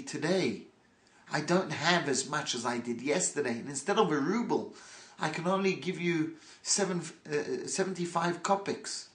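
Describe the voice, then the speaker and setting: A man's voice: fairly high pitch, pitched above the performer's own voice. A man voicing a proud, gracious Jewish man who answers taunts with exaggerated politeness, in an echoey room. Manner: exaggerated politeness, warm and grateful.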